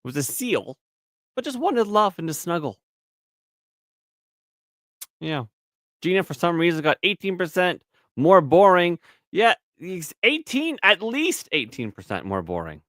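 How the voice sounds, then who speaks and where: A man's voice: sits high, big pitch swings, measured pace, long pauses, fairly bright tone, dry recording. Crude teasing man on a dry mic. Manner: crude, teasing, swings into mock voices. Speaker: podcast co-host. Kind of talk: casual podcast banter.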